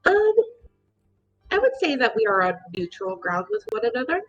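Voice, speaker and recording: A woman playing a character in a tabletop game, speaking haltingly and with amusement. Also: high voice, sing-song, vocal fry. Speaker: player. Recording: dull lo-fi mic with faint music.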